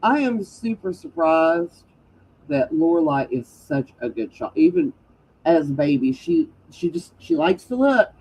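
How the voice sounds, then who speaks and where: A woman's voice: low-pitched, very animated, unhurried, darkish tone, breathy edge. A woman chatting casually, rambling and restarting her sentences. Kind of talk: casual chat. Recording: slightly dull stream audio.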